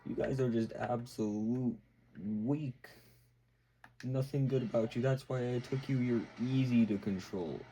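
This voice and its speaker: A man voicing a cruel, smug monstrous male villain in a slow, taunting way. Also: medium pitch, steady tone, dark tone, slight background noise, pitched above the performer's own voice, lightly acted, low-quality recording.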